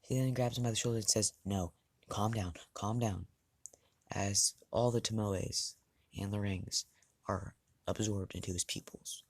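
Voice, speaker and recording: A man casually narrating a fan-made story, halting and rambling with restarts and asides. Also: lowish voice, fairly even intonation, no room sound.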